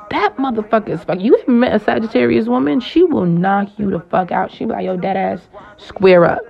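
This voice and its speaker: A woman's voice: a little high, expressive, brisk, gravelly, lo-fi sound. A woman astrologer talking casually and at length, full of slang and swearing, with frequent laughs. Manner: rambling, slangy and profane, laughs often.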